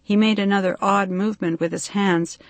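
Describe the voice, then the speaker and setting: A woman reading a fantasy story aloud for an audiobook, in an even, steady storytelling manner. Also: mid-range voice, brisk, dry recording. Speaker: audiobook reader. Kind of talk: scripted narration.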